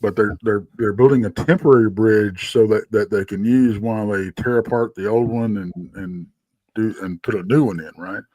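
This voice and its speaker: A regular panelist on a live show, this man is worn out and yawning late at night, rambling through stories in casual conversation and restarting again and again. He speaks at a normal speed in a fairly low, fairly even, slightly mellow voice, with no echo.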